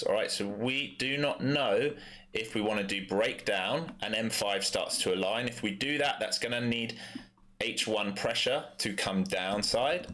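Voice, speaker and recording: London-accented man, day trader live stream, lowish voice, bright forceful tone, blunt casual asides. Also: a little hiss or hum. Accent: London English. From East London, England. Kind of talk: live trading commentary with chat replies.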